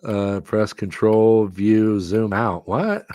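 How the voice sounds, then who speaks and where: A middle-aged man hosting a live stream, commentating a fantasy football auction, excitable and quick to laugh at himself. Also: fairly low pitch, dry recording. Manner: excitable, self-mocking, laughs often.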